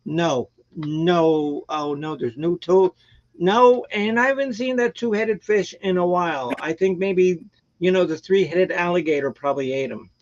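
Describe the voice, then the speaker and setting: A man hosting a live stream, talking in a rambling, animated way and laughing often. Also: sits high, measured pace, highs cut off. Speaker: host of a live music stream. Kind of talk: casual chat.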